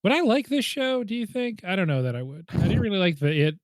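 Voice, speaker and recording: Guy co-hosting a movie podcast, kinda high voice, keeps hedging and laughing at himself. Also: big pitch swings, quick pace, no room sound, studio quality. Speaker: podcast co-host. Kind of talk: casual movie podcast chat.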